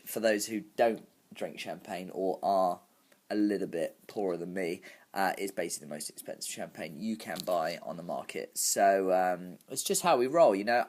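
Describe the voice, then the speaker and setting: A man's voice: sits low, darkish tone, lightly acted. A man playing a cocky club promoter. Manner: cocky, bragging, full of "you know" fillers. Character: brash boastful male club promoter, twenties. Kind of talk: comic character monologue.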